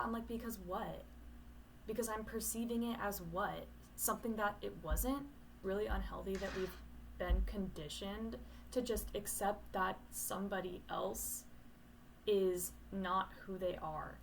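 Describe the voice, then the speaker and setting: Young woman, candid casual vlog voice, loose rambling delivery, mid pitch, slight background hiss. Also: normal speed, poor audio. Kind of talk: casual talk to camera. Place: bedroom at home at night.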